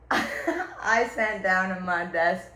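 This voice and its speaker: A woman's voice: medium pitch, lively intonation, very slow, bright, forceful tone. A woman venting to her viewers in a comedic, rambling monologue, theatrical and full of swearing and filler words. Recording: echoey room with faint ambience.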